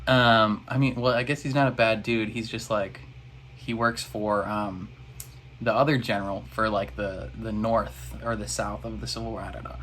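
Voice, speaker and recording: A man's voice: fairly low pitch, fairly even intonation, moderate pace, a bit bright, slight background noise. A man in a casual reaction video, recapping an episode in a rambling, exasperated way.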